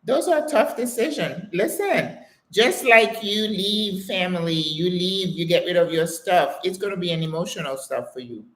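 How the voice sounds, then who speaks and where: A woman's voice: on the low side, moderate pace. Chatty older woman in an echoey room. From United States. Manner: chatty, animated storytelling with exclamations and laughter. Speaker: host of a live Q&A stream. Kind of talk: casual live-stream chat answering viewer comments.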